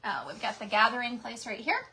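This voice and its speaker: A woman's voice: fairly high pitch, very animated, fairly quick, sharp tone, slight background noise. A woman with a Texas accent hosting a casual craft livestream from her craft room, chatting with viewers and greeting them by name.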